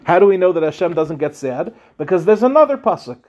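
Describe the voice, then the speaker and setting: Rabbi, male, high-pitched. Lecture delivery: translates and explains line by line, drawing out the Aramaic quotes. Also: very animated, quick pace, darkish tone, lo-fi sound. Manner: asks questions and answers them himself. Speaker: rabbi teaching a Talmud class. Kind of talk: Talmud lecture.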